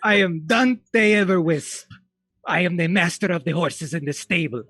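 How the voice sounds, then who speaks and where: A man voicing a pompous character speaking to horses in a put-on horse accent, slow and grand. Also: a little high, big pitch swings, creaky, a bit bright, husky, no room sound, studio quality, pitched below the performer's own voice, exaggerated voice. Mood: grandiose. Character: pompous male horse-talking character, self-declared stable master.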